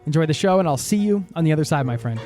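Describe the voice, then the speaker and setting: A man hosting a travel podcast, talking in a friendly, energetic way and interviewing a guest. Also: on the high side, rapid-fire, music in the background. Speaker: podcast host.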